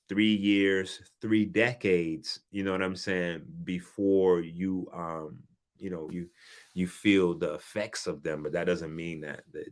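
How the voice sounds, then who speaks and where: A man speaking as a wellness guest in a casual explanatory way, animated, often asking "you know what I'm saying" and getting loud to stress a point. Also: very deep voice. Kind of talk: casual explanatory talk on a panel.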